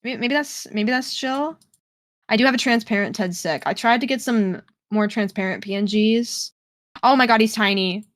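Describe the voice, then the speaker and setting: A playful woman streamer with a fairly high voice, dramatic and chatty as she reads game text aloud to her viewers. Her voice is dry and close, with almost no room sound. She talks straight into a desk microphone. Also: normal speed, fairly bright tone, no echo. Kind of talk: casual live-stream chat, reading game text aloud.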